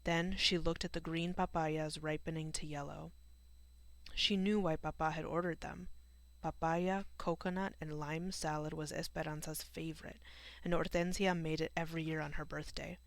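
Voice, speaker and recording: A woman narrating an audiobook in a measured, sombre storytelling manner. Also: low-pitched, flat delivery, no room sound. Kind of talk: scripted narration.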